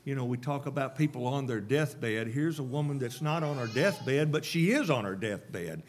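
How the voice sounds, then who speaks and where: A man's voice: mid-range voice, animated, normal speed, a little hiss or hum. A man preaching a sermon, emphatic and repetitive, with rhetorical questions to the congregation.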